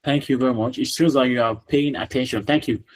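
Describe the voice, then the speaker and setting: A man's voice: medium pitch, fairly even intonation, brisk, poor audio. A man teaching a live online class over a video call, repeating himself and quizzing students by name.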